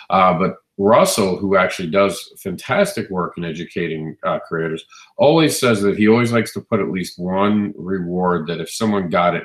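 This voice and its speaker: A man hosting a live online show, talking enthusiastically with frequent restarts, his voice hoarse from recently losing it. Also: deep voice, reverberant. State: hoarse, recovering lost voice. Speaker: host. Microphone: phone mic, standing close.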